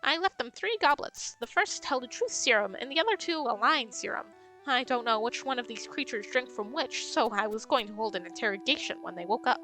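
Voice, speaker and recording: A woman's voice: a little high, expressive, fairly quick, sharp tone, soft background music. A woman voicing a delicate, fretful female mouse who melodramatically begs heroes for help in a game. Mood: pleading dramatic. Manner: melodramatic, pleading.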